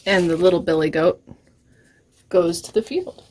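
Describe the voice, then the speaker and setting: A woman librarian telling a story to young children in a gentle, expressive way. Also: on the low side, normal speed.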